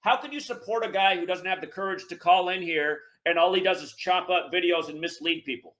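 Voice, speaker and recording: Furious ranting man, high bright voice. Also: a little fast. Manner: furious, cursing, insulting listeners. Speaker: call-in show host. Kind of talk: angry profane rant.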